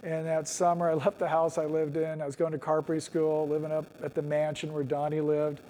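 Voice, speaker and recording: A middle-aged man tells his own recovery story in a somewhat high, light voice. He rambles candidly and drops wry jokes at his own expense. The sound carries a long hall echo. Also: completely flat delivery, a little fast, dark tone, slight background noise. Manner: candid, rambling, with wry self-deprecating asides. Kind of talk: personal testimony at a recovery meeting. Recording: long echoey hall reverb.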